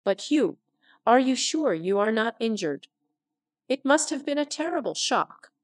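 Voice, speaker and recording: A woman's voice: a little high, sing-song, a little slow, no echo, full character voice. A synthetic-voiced woman reading the part of an awkward young man who stammers and turns teasing. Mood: hesitant. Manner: stammering, then carelessly teasing.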